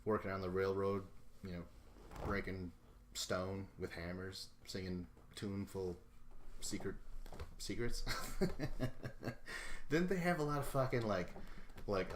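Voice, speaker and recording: A man's voice: sits low, takes it slowly, pauses often, a bit bright, slight background noise. Rambling, profane man podcasting solo. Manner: rambling, profane, laughs often, acts out imagined dialogue. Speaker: podcast host. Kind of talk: casual solo recap podcast.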